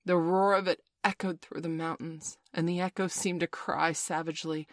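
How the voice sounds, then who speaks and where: A woman narrating a storybook in a measured, expressive reading. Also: on the low side, no echo, clean studio sound. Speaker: audiobook narrator.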